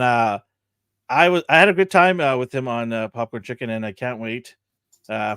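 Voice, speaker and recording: Male podcast host, jokey and upbeat, animated delivery. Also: medium pitch, dry recording, studio quality. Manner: energetic and jokey, whoops and laughs. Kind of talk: casual podcast chat.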